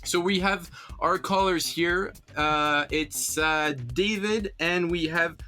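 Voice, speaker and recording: A male radio host with a bright, fairly high voice, talking in an upbeat, loose way. He laughs easily and trips over his words, repeating himself as he goes. Music plays softly behind him. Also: fairly even intonation, slow. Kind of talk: casual radio chat.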